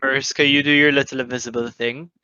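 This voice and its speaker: A man in a tabletop game session, talking through plans in a loose, rambling way. His voice is bright and crisp at a middle pitch. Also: level tone, dry recording, highs cut off. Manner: quick, rambling planning with fillers. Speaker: player.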